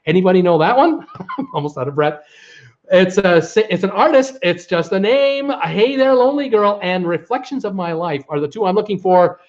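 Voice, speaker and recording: A man's voice: sits high, animated, a little fast, few pauses. A man hosting a live trivia stream, chatting casually with viewers and humming bits of old songs. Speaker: host of a live trivia show. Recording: dull lo-fi stream audio.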